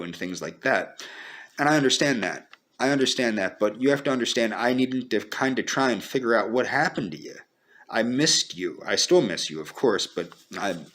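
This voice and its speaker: A man speaking a personal video message to the camera, earnest and pleading, halting and repeating himself as he holds back tears. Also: fairly low pitch, a bit bright. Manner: halting and repetitive, restarting sentences. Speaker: vlogger.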